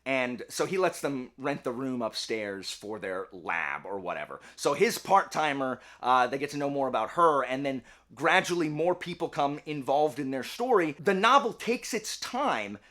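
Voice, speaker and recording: Bright, chatty young man reviewing. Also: medium pitch, moderate pace, few pauses. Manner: chatty, many "like" fillers, animated. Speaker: book and game reviewer. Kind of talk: casual spoken review.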